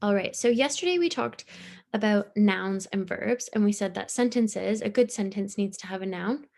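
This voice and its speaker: Gravelly-voiced woman teaching young kids. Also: medium pitch, normal speed. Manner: gentle, encouraging, explains step by step. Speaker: primary school teacher. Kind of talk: recorded online lesson for young children.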